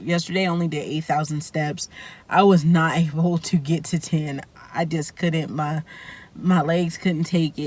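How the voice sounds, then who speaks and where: A woman vlogging casually to her viewers, talking candidly in a rambling way and correcting herself as she goes. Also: low voice. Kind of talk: casual vlog chat to camera.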